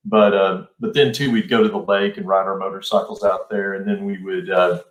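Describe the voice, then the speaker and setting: Brief: middle-aged male host, easygoing rambling storyteller, lowish voice, echoey room. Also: little pitch movement, fairly quick. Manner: laid-back, rambling with many fillers. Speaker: podcast host. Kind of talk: casual storytelling chat. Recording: roomy echo.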